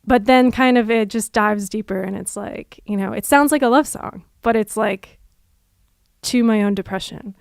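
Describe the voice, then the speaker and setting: A young adult woman, a musician, chatting casually and reflectively on a livestream, with frequent fillers and soft laughs. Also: mid-range voice, normal speed, gravelly, dry recording, studio quality.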